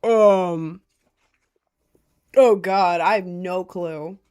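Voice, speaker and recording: A woman's voice: fairly low pitch, very slow, mellow, clean tone. Young woman streamer, casual chat, rambling and self-mocking.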